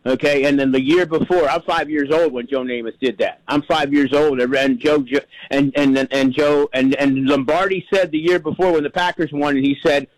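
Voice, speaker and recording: A man's voice: a little high, fairly even intonation, normal speed, hardly any pauses, no room sound, low-quality recording. A man, phoning in to a sports show and rambling, repeating himself as he talks. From New York. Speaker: caller. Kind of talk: phone-in caller story.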